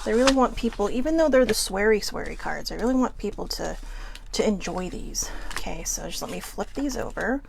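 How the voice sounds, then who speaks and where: A woman's voice: medium pitch, animated, brisk, vocal fry, noisy background. A woman hosting a live oracle card reading, chatty and giggly, swearing freely and wandering off topic.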